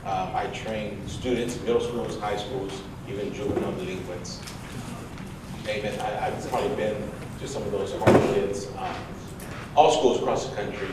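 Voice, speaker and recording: Lively male speaker in an echoey hall. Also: lowish voice, moderate pace. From United States, of Mexican parents. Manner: lively storytelling, acts out his mom. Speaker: bullying prevention speaker. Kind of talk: motivational school talk with stories. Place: large echoey room before an audience. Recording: echoey room, picked up from far off, noisy.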